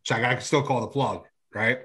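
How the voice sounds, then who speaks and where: A man's voice: medium pitch, fairly quick, sharp tone. Guy telling his story, rambly, lots of "you know"s and restarts, swears some, regular mid voice. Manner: rambling, filler-heavy, frequent restarts and swearing. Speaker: guest sharing his recovery story. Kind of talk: casual personal storytelling.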